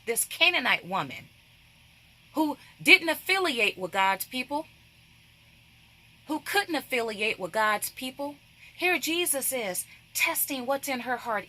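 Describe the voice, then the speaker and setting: Bright, emphatic woman preaching slowly. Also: high voice, slightly rough. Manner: emphatic, repeats phrases, calls out to "people". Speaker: craft devotional host. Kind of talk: preaching devotional over crafting.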